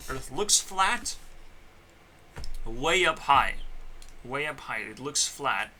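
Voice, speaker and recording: A man talking as a YouTuber in a rambling solo rant, profane and meandering, swinging between loud outbursts and mutters. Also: medium pitch, expressive, measured pace, slight background noise. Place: home computer setup.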